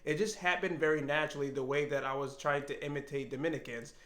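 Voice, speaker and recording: A man's voice: fairly high pitch, fairly even intonation, fast, fairly bright tone. Earnest man musing aloud in an echoey room. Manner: earnest, thinking aloud, with self-questions. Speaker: language learner vlogger. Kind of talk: reflective solo talk to camera.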